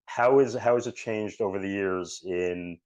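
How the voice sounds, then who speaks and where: A man's voice: lowish voice, unhurried, darkish tone, dry recording. A man hosting an interview, asking questions with many restarts and open enthusiasm for his guest. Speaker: interview host.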